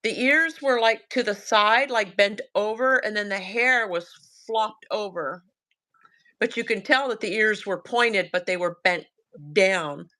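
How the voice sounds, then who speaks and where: A Southern-accented woman with a medium-pitched voice and measured pace tells, as a guest, a casual story about a sighting. She acts out lines from her son and herself, staying animated and laughing often.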